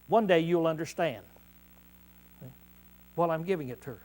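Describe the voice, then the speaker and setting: A male preacher delivering a conversational sermon, reading scripture aloud and then explaining it in plain words, often clearing his throat. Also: a little high, normal speed, a little mellow. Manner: conversational, uses hands-on demonstration with congregation.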